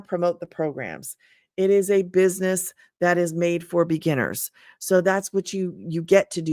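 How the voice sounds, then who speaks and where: An older woman hosting a casual live stream. She pitches an online business to viewers, thanks them by name and repeats herself often. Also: no room sound, studio quality. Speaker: livestream host selling an online business program. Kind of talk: casual livestream sales talk.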